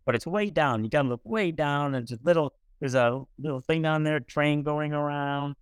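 A middle-aged man talks as a podcast guest, earnest and warm, playing out every quoted line as he tells his story. His voice is smooth and resonant. The sound is dry, close to the mic. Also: on the high side, moderate pace, dry recording. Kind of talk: conversational storytelling.

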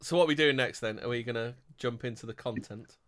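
A man's voice: medium pitch, fast, a bit bright. A man co-hosting a casual podcast, joking and repeating gags. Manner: jokey, laughs often, repeats gags. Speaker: podcast co-host. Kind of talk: casual chat.

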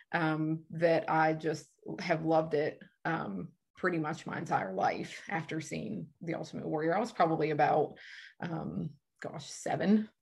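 A woman's voice: deep voice, creaky, breathy edge. A bubbly woman in her thirties, a professional wrestler chatting as a guest in an interview. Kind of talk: casual interview chat.

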